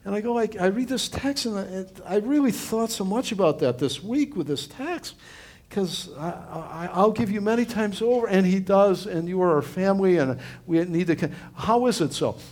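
A middle-aged man preaching to his congregation in a loose, conversational way. His voice sits high for a man and rises and falls a great deal. He circles back over his words with many restarts as he makes his point earnestly. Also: lively intonation, moderate pace, a little mellow. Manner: earnest, rambling, frequent restarts and fillers. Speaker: pastor. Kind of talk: conversational sermon.

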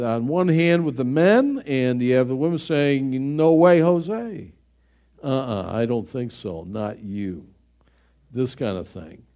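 Middle-aged guy preaching, mellow voice that swoops way up and down, real emphatic. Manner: emphatic, with dramatic swings in pitch and volume. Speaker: pastor. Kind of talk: sermon.

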